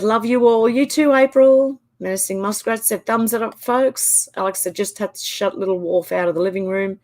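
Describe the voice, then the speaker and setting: A woman's voice: medium pitch, darkish tone. Australian woman reading chat comments aloud. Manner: reads viewer comments aloud with quick reactions. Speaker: channel host. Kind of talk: casual live-stream chat.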